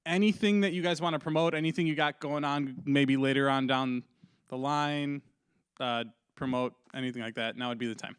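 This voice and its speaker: A man's voice: medium pitch, fairly quick, clear, resonant tone, no echo, studio quality. A man hosting a casual podcast interview, easygoing as he reacts and wraps up. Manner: easygoing, brief reactions and wrap-up. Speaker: podcast host.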